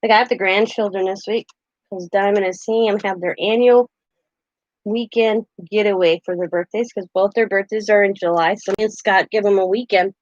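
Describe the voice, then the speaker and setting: Older woman, live-stream host, chatty and quick to laugh; dull, dry home recording. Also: mid-range voice, steady tone, no echo. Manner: chatty, laughs often, acts out quotes. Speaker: craft channel host. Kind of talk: casual live-stream chat.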